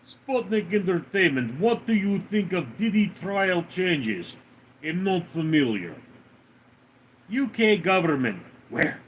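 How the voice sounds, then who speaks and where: Deadpan man reading stream chat. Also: sits high, takes it slowly, a little hiss or hum. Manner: dry, deadpan replies to viewer comments. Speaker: livestream host reading chat. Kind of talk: casual chat reading comments aloud.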